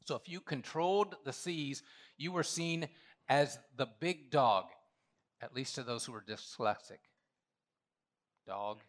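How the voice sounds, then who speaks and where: A man preaches to his congregation in a church. He is animated, breaks in with jokes, and swings from loud, emphatic lines down to quiet, hushed ones. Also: fairly high pitch, measured pace. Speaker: pastor. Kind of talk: sermon. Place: church sanctuary.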